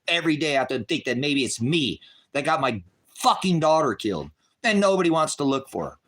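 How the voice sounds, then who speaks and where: A middle-aged man ranting to his viewers, cursing heavily and swinging between shouted outbursts and low bitter muttering. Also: very animated, a little fast. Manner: heavy cursing, bitter and raging. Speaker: online ministry broadcaster. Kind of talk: angry unscripted rant to viewers.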